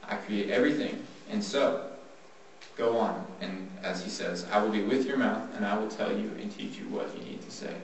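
A man with a fairly low voice gives an earnest devotional Bible talk, reading scripture slowly and then explaining it in plain everyday words. He is heard from a distance in a very echoey room. A faint hiss sits under his voice. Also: gravelly. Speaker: speaker giving a Bible talk.

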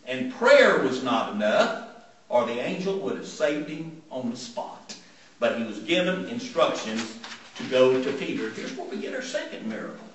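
Man, preacher, sermon, storytelling, emphatic repetition, lively swooping pitch, heavy echo, distant mic. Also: normal speed, slight background noise. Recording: very echoey room, mic far off.

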